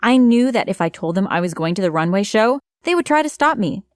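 Expressive woman narrating a dramatic story. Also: mid-range voice, fairly quick, no echo. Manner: expressive, dramatic first-person telling. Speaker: narrator voicing a teenage girl.

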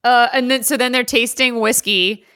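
A woman co-hosting a podcast, chatting casually about a movie, animated and giggly, acting out lines. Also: a little high, normal speed, no echo, clean studio sound. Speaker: podcast co-host. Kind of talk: casual chat recapping a movie.

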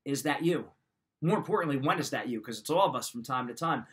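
A man's voice: medium pitch, lively intonation, quick pace, fairly bright tone. A man hosting a motivational talk, giving life advice in a direct coaching manner and repeating his key points.

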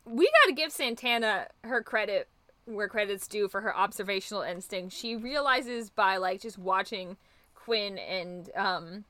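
A woman's voice: mid-range voice, unhurried, pushed and bright, dry recording. A woman co-hosting a casual chat, recapping a TV episode, chatty and swearing, acting out quotes. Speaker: podcast co-host.

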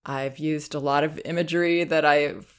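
A middle-aged woman hosting a parenting advice show, speaking in a calm, unhurried, reassuring way. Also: sits low, clear, resonant tone. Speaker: parenting advice podcast host. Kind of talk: advice talk.

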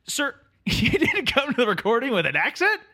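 A man's voice: very high-pitched, huge pitch swings, moderate pace, bright, forceful tone, full character voice. A man playing a pushy, self-important audiobook studio engineer who talks down to his client and mutters asides, in a comedy sketch. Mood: exasperated. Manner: impatient, condescending, mutters asides.

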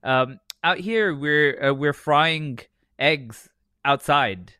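A man's voice: on the high side, extremely slow, sharp tone, clear, resonant tone, dry recording, studio quality. A man co-hosting a podcast in casual chat, joking and swearing a lot. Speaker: podcast co-host. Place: hot desert city.

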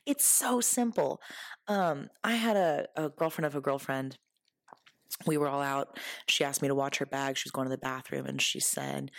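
A woman's voice: extremely low pitch, moderate pace, vocal fry, no room sound, studio quality. A woman hosting her own podcast in a casual solo monologue, candid and blunt, swearing freely and laughing often, earnest when giving advice. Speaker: podcast host.

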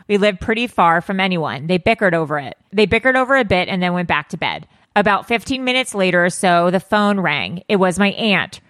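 A woman's voice: on the low side, dry recording. A woman podcast co-host telling family stories in casual chat, easy and laughing. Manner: laughs easily, relaxed storytelling.

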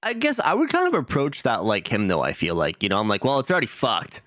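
A man's voice: mid-range voice, wildly swooping pitch, fast, fairly bright tone, dry recording, studio quality. A man hosting a casual anime podcast, joking and recapping episodes with frequent laughs. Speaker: podcast host.

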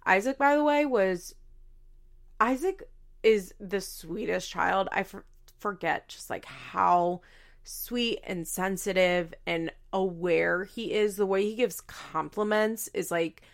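Chatty woman with a gravelly edge. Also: medium pitch, slow pace. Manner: chatty, lots of fillers, swearing, laughs often. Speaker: podcast host. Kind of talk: casual chat.

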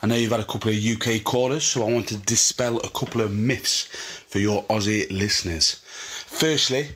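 Bloke with a nottingham accent leaving a cheeky voice message, faint noise behind. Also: male voice, lowish voice, fairly even intonation, moderate pace, fairly bright tone. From England. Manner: cheeky, crude joking. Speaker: caller. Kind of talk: recorded voice message.

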